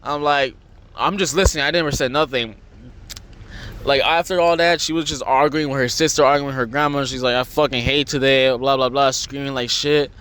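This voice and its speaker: A man's voice: medium pitch, fairly bright tone. Young man rambling through a story. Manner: rambling, swearing, acts out voices. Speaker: podcast host. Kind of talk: casual storytelling.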